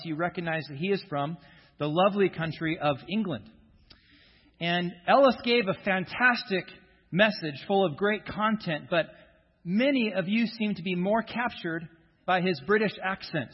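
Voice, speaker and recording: A man preaching a sermon as pastor in a church sanctuary, joking with the congregation before reading scripture. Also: fairly high pitch. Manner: jokey, self-deprecating banter with the congregation. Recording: dull sound with long hall reverb.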